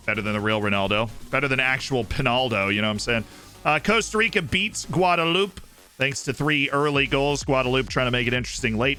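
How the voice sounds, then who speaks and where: A male streamer talks through his football management game in casual commentary, excitable and jokey. His voice is bright and forceful at a middling pitch, with faint music underneath.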